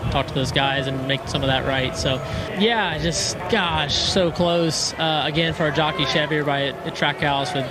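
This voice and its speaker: A man, a race driver, giving a halting post-race interview full of fillers and restarts outdoors at a racetrack. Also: on the high side, steady tone. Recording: noisy outdoor track recording. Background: vehicle and track noise.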